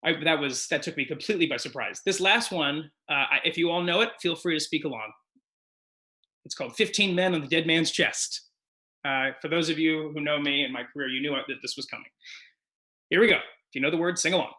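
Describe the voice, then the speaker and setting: A man giving a deadpan comedic poetry reading over a video call, reciting in a mock-solemn, theatrical way. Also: on the high side, a little fast. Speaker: guest performer.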